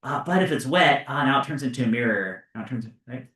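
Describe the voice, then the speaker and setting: A male high school physics teacher lecturing his class casually, with lots of fillers and checks of "right?". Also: lively intonation, fast, bright, forceful tone. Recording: roomy classroom, mic far off.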